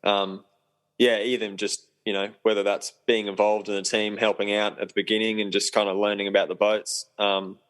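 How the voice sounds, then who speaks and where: A man's voice: fairly low pitch, flat delivery, moderate pace, a bit bright, poor audio. A young man chatting casually as a podcast guest, laid-back and rambling with lots of ums. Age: young adult. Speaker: guest, professional sailor.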